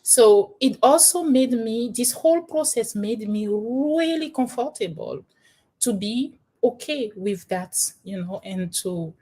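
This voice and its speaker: A woman from Benin speaks as a panel guest in a personal discussion. She talks in an animated way, laughing easily and often restarting her sentences. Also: a little high, slow pace.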